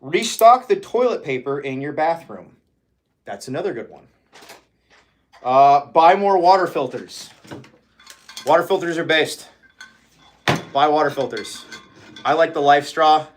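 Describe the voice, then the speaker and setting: High-pitched, animated, profane ranting man. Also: unhurried, long pauses, a little hiss or hum. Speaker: livestream host. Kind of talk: casual livestream chat.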